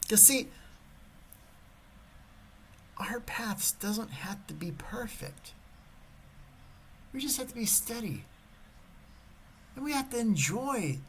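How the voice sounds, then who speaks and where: A man giving a motivational talk and telling a personal story. He is animated and swings between loud emphasis and hushed whispers. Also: high-pitched, a little hiss or hum, rough recording. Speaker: motivational speaker.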